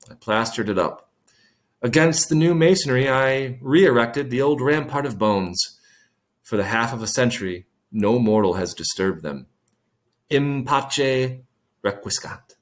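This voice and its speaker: A man's voice: medium pitch, normal speed. A man reading a classic short story aloud, stopping to explain old words in plain terms and adding dry asides. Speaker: reader.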